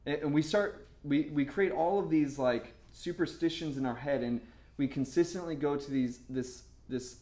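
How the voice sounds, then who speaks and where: A man preaching a casual sermon, chatty and full of fillers and repeated words, bursting into excitement as he tells stories. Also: mid-range voice. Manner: storytelling with sudden excited outbursts. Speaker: pastor.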